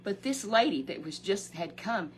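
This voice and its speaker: A woman telling a Bible story for children in a homespun, chatty way, often rising into excited exclamations. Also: normal speed, slight background noise. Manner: animated, exclamatory, swoops high on emotional words; chatty, homespun, talks straight to the listener. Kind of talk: folksy Bible story told to a puppet.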